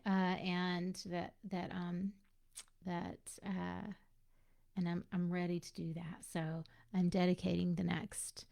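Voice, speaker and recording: A woman's voice: on the low side, little pitch movement, takes it slowly, creaky, darkish tone. A woman and mother of young children, hosting a live-streamed coaching talk for mothers and chatting directly with her viewers, greeting them by name. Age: adult mother of young children.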